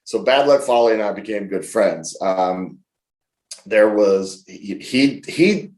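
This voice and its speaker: A man in his forties, an interview guest, telling lively anecdotes in a casual way and acting out the quotes. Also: on the low side, takes it slowly. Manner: lively anecdotal storyteller, laughs and acts out quotes. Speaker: professional wrestler, interview guest. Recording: roomy echo.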